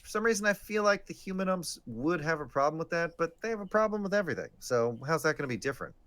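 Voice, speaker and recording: Sarcastic guy riffing on a live stream, bright voice that bounces all over. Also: a little high, fast talker. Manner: sarcastic, joking, lively. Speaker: podcast co-host. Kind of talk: casual live-stream chat about baseball.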